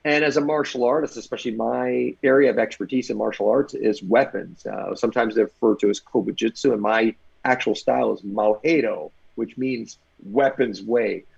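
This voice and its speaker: A man's voice: medium pitch, moderate pace, gravelly, few pauses, slightly rough, dull audio. A man from the Midwestern United States, a fight choreographer guest, telling anecdotes in an interview and acting out the voices of people in his stories. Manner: lively anecdotes with animated quoted voices. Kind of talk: storytelling interview chat.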